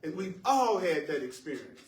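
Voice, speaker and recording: Man teaching a spiritual class, high-pitched and roomy. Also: moderate pace. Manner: animated and playful, laughing at his own jokes; repeats phrases for emphasis. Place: class room with listeners present. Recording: roomy echo, voice picked up from a distance.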